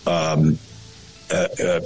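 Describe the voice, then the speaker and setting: A man's voice: rumbling low, drawn-out words, vocal fry, soft background music, low-quality recording. Rambling man in a casual interview. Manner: rambling, animated, slips in and out of character voices. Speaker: guest, radio and voice actor.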